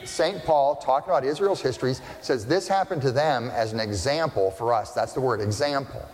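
A man preaching a sermon in a church, his mid-pitched voice carrying a long reverb through the hall. He talks conversationally, pausing often to check in with listeners. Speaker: pastor. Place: church sanctuary.

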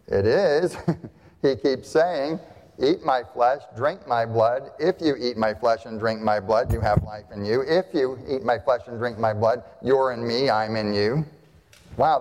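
A man's voice: medium pitch, a little mellow. Man, pastor, conversational sermon delivery full of rhetorical questions, church hall with a long echo. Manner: conversational, asks rhetorical questions, frequent "right?". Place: church sanctuary.

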